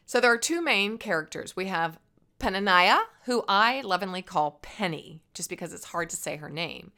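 A woman's voice: on the low side, lively intonation, moderate pace, bright, forceful tone. A woman telling a Bible story as a lesson in a playful, dramatic way. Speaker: Bible teacher.

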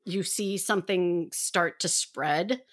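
A woman's voice: lowish voice, slow pace. A woman co-hosting a casual fan podcast, talking animatedly and acting out characters' lines as she retells scenes. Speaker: podcast co-host.

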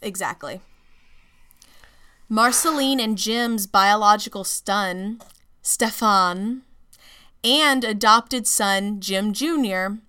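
A woman podcast host narrating a story in a measured, casual way. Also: medium pitch, sharp tone, clean tone.

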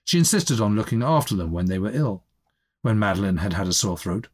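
A man reading a chapter of a literary novel aloud in a measured, even storytelling manner. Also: lowish voice, husky.

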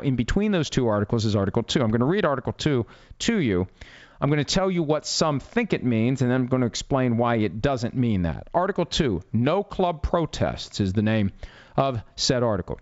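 A man's voice: mid-range voice, dry recording. Blunt, sarcastic male legal commentator. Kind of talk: opinionated commentary. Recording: dull lo-fi dry audio.

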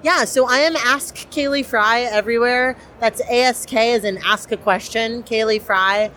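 A woman's voice: fairly high pitch, normal speed, sharp tone. A young woman cosplayer, chatty and enthusiastic with many fillers, interviewed at a convention. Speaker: cosplayer guest.

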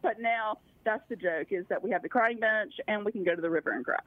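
A chatty woman caller tells a long, laughing story down a tinny phone line. Her voice sounds dry and close, with a mid pitch. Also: fast, no echo. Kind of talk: phone-in call on talk radio.

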